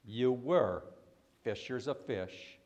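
A man preaching a sermon, slow and deliberate, swinging between loud emphatic lines and quiet ones. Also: mid-range voice, muffled recording.

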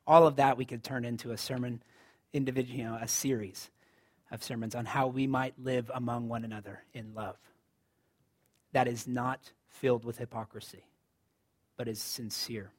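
Man preaching in a lively, casual way. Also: mid-range voice. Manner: conversational preaching with emphatic rises. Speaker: pastor. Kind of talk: sermon.

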